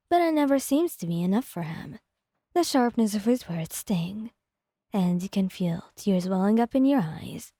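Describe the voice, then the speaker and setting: A woman narrating a second-person ASMR story in a calm, even storytelling manner. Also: medium pitch, dry recording, studio quality.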